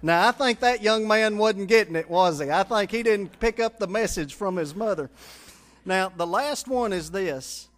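Male preacher, high-pitched, folksy and humorous, teaching scripture from the pulpit. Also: moderate pace, fairly bright tone. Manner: spells out Greek words letter by letter. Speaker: pastor. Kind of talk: sermon.

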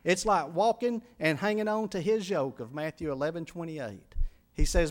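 A middle-aged man, preaching a sermon as a pastor and telling his own testimony, rising from quiet confession to loud, pleading climaxes. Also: fairly high pitch, expressive, moderate pace.

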